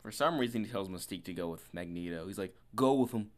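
A man co-hosting a podcast in casual chat about a film, jokey and quick to laugh, mimicking the characters. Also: sits low, fairly bright tone. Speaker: podcast co-host.

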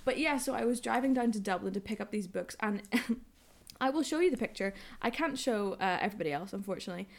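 A woman telling a story in casual chat, animated and laughing often. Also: mid-range voice, fast talker, creaky.

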